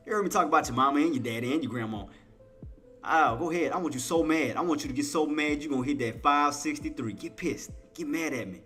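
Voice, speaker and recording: A man streaming live trading commentary, coaxing and trash-talking the chart, shifting between low muttering and loud playful outbursts. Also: fast talker, faint music behind. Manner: coaxes and taunts the price chart, swinging from muttering to loud outbursts; playful trash talk with laughter.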